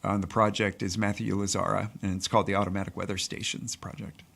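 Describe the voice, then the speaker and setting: Gravelly-voiced man explaining earnestly. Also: on the low side, level tone, fast talker, a bit bright. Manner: earnest, explanatory, many fillers. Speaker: teacher and guest. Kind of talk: radio interview answers.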